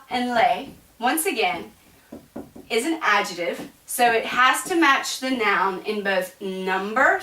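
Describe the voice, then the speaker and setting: A woman's voice: on the high side, sharp tone, far from the mic, slight background noise. A woman teaching a French grammar lesson in a chatty classroom manner. She often stops to check in with her students. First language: English. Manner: chatty, explaining with frequent "right?" check-ins. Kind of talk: classroom lecture. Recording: echoey room, voice away from the mic.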